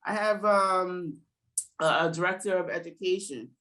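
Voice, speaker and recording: Fast-talking woman with a New Jersey accent. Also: on the low side, fairly bright tone, rough recording. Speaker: educator and guest. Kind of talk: casual podcast interview.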